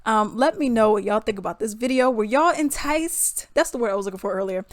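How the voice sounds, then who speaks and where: A woman's voice: a little high, a little fast, no echo, clean studio sound. A young adult woman vlogger telling a casual story to her viewers, chatty and laughing often. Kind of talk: casual storytime and reaction commentary.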